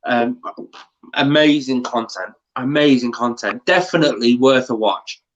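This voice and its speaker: A man's voice: mid-range voice, a little slow, highs cut off. A drunk man with hiccups, a guest on a livestream, chatting in a rambling and enthusiastic way. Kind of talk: casual livestream chat.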